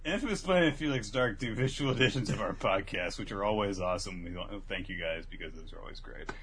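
A man's voice: lowish voice, quick pace, a bit bright, slight background noise. A man co-hosting a casual podcast, reading the outro and plugs in an easygoing way. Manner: easygoing, reads plugs with filler. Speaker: podcast co-host.

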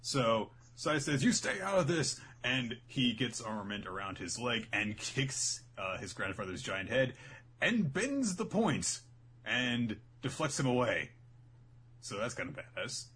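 Man, co-host, casual recap, animated, profane, bright tone. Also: medium pitch, a little slow, slightly rough. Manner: animated, profane, laughs often. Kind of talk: casual chat recapping a show.

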